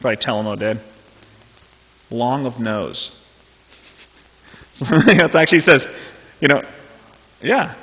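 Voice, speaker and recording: A man's voice: fairly high pitch, very animated, normal speed, long pauses, bright, forceful tone, husky. Man preaching in a reverberant hall. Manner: conversational, joking asides, repeats phrases. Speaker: pastor. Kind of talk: sermon. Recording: dull lo-fi sound in a reverberant hall.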